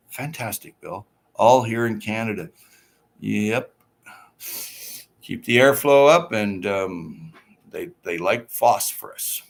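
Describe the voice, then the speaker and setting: A man's voice: mid-range voice, vocal fry, a bit bright. A man hosting a casual livestream, reading out viewer comments and chatting back in an easygoing way. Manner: chatty, reads out viewer comments and answers them.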